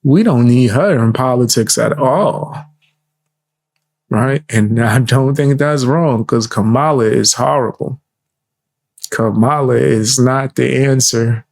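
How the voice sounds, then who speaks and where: Slow, laid-back male commentator. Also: medium pitch, vocal fry, darkish tone. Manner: laid-back, laughs often, street slang. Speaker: reaction commentator. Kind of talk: casual reaction commentary.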